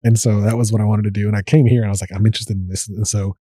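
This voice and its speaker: A man in his thirties tells his story as a podcast guest, talking quickly and acting out what he was thinking back then. His voice sits fairly low and sounds very dark and mellow. The recording is dry and close. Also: dry recording. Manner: animated, acts out his own past thoughts. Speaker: guest, gastroenterology fellow. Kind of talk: casual interview storytelling.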